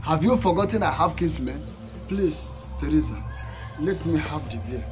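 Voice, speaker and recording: A man's voice: fairly high pitch, lively intonation, normal speed, faint music behind, natural voice. An older man with a Nigerian accent, playing a broke, boastful father who pleads and whines with his creditor. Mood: wheedling. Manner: wheedling, self-pitying, rising to a whine. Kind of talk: Nollywood film acting.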